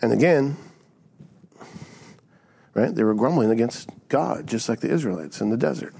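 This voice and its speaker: A man's voice: mid-range voice, expressive, moderate pace, gravelly, dark tone, breathy edge. A male pastor giving a sermon in a conversational teaching style, often checking in with the congregation with a rhetorical "right?".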